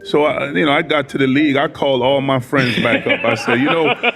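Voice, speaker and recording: A man's voice: mid-range voice, a little fast, creaky, music in the background. A man from Boston, a former basketball player, recalling his career in an interview and repeating his points with emphasis. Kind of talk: interview recollection.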